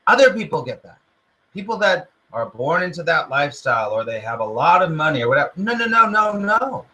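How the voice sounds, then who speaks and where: Animated man giving a motivational talk. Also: a little high, low-quality recording. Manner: animated, acts out the inner voice in quotes. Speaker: host of a self-help show.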